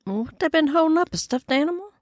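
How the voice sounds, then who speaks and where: A woman, co-hosting a podcast in casual chat, chatty and excitable and quick to cheer. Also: high-pitched, no echo, clean studio sound. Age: 50s. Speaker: podcast co-host.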